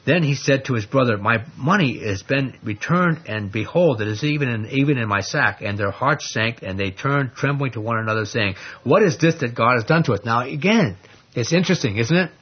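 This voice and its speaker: A man teaches a Bible study, reading scripture aloud and explaining it conversationally with many fillers, often asking the class questions. His mid-range voice is expressive and slightly rough, a little fast, and the recording's highs are cut off.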